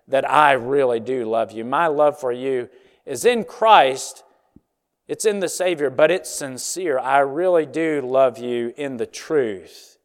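Earnest preacher in a reverberant hall. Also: male voice, fairly high pitch. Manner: earnest, emphatic, slows on key phrases. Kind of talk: expository sermon.

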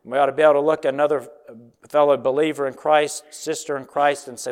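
A man preaching an expository sermon in an earnest, emphatic way, slowing down on key phrases. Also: on the high side, flat delivery, a little mellow, smooth. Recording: long hall reverb.

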